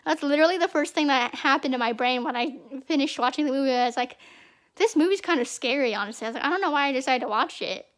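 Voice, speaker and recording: A woman's voice: sits high, fast, fairly bright tone. A young woman giving casual, rambling fan commentary as a channel host, chatty and prone to repeating herself.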